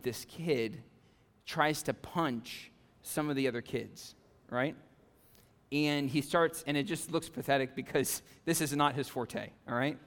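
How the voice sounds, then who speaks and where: A male pastor preaching a conversational sermon, animated, with frequent "okay?" and "right?" asides to the congregation. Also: medium pitch, long reverb tail. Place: church sanctuary.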